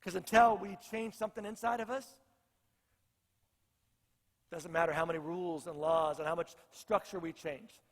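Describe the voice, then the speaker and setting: A man's voice: fairly high pitch, fairly even intonation, moderate pace, pauses often, in a large hall. A male pastor preaching a sermon, earnest and repeating phrases for emphasis.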